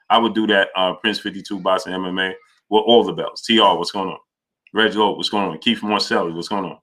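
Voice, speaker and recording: Bright-voiced New livestream host. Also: male voice, on the low side. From New York. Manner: greets viewers by name, reads super chats aloud. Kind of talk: casual livestream chat.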